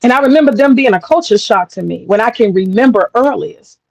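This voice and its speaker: A woman's voice: on the high side, lively intonation, a little fast, creaky, no room sound, poor audio. A woman talking in a blunt, profane casual monologue as a commentator, acting out other people's voices as she goes.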